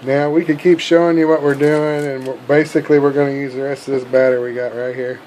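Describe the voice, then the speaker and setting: An easygoing middle-aged man chats his way through a home baking session in his kitchen, his voice sitting at an ordinary middle pitch. His talk is homely and folksy, and there is a faint hum of the room behind him. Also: flat delivery, fast, darkish tone, low-quality recording. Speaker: dad co-hosting a home cooking video. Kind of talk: casual home cooking vlog.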